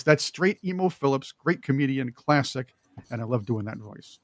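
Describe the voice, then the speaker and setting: A man hosting a political talk show, opinionated and joking, with emphatic, animated delivery. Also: mid-range voice, normal speed, no echo, studio quality.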